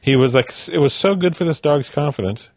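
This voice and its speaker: A man chatting casually as a podcast co-host, telling animated stories and laughing easily. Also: fairly high pitch, no room sound, clean studio sound. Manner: animated storyteller, quick to laugh. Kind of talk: casual chat.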